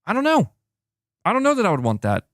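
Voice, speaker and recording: A man's voice: sits high, huge pitch swings, fast, fairly bright tone, dry recording, studio quality. A man streaming as a gaming YouTuber, reading chat and chatting loosely, swearing and calling people dude and bro. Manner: casual, swears, says dude and bro a lot.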